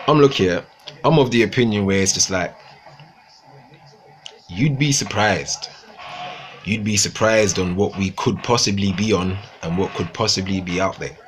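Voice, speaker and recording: A man's voice: deep voice, moderate pace, pauses often. A young man ranting casually to viewers on a livestream, swearing often and repeating himself. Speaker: livestream host.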